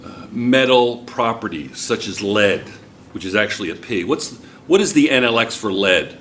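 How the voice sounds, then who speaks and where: An American man with a New Jersey accent teaches a chemistry class and keeps firing questions at the students. His voice is bright. A faint room hum sits behind him. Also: lowish voice, animated, moderate pace. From United States. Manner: chatty, asks the class questions. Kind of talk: classroom lecture.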